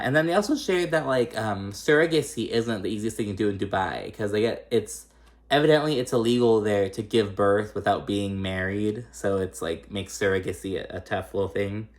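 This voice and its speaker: A man giving a casual recap of a reality TV episode, chatty and profane, with lots of fillers and shady asides. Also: on the low side.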